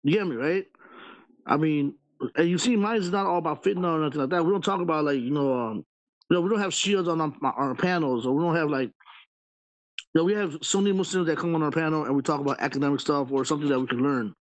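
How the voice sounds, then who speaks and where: Man, stream host, casual heated chat, rambling fillers, fairly high voice. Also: fast, rough recording. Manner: rambling, repeats "you know" and "bro".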